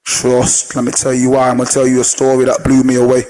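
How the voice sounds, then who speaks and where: A man who trains older people, giving an energetic motivational talk to a live audience, telling stories and putting questions to the crowd. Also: mid-range voice, fast, low-quality recording. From Jamaican heritage. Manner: energetic storyteller, asks the audience questions, sings snatches of songs.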